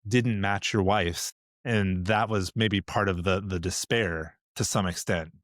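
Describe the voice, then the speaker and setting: A male podcast host asks thoughtful, probing questions, pausing and restarting as he thinks. His voice is on the low side and close and dry, with no room around it. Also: no room sound. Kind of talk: interview hosting.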